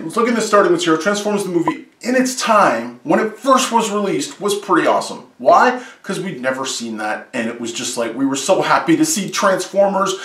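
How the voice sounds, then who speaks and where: A man's voice: fairly high pitch, a bit bright, roomy sound, far from the mic. A man hosting a comedic top-list movie review, sarcastic and full of jokey asides.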